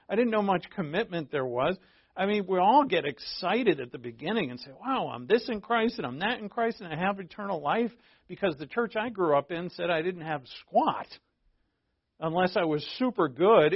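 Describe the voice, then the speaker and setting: An animated man preaching in a relaxed, conversational way, slipping into quick acted-out dialogues and chuckling as he goes. His voice sits fairly high for a man. The recording is dry and a little dull, as if on modest equipment. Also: dry recording. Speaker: pastor. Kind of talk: conversational sermon.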